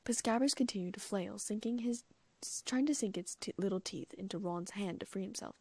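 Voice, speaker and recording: A woman narrates an audiobook in a hushed, often half-whispered reading. Her voice is husky and gravelly at the edges, recorded dry and close. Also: mid-range voice, fairly quick, no room sound. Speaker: audiobook reader. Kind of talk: reading first-person fan fiction.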